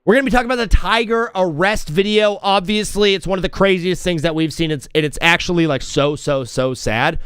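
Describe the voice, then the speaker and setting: A man hosting a live sports talk show, rambling and joking in an excitable, casual way. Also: sits high, a little fast, few pauses, smooth, dry recording, studio quality.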